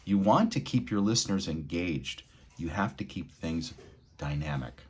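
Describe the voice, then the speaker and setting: A man tutoring English reading in an energetic, expressive lesson, swinging between quiet and loud. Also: low-pitched, a little slow, breathy edge. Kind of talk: energetic spoken lesson with read-aloud demos.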